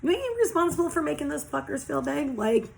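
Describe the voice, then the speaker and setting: A woman's voice: high-pitched, very animated, a little fast, vocal fry. A young woman giving a casual oracle card reading, talking passionately and bluntly with lots of swearing. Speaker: tarot reader.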